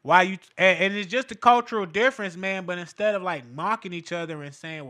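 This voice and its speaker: Animated man with bright, raised voice. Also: sits high, brisk. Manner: animated, emphatic, street slang, frequent fillers. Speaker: podcast host. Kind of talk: casual commentary monologue.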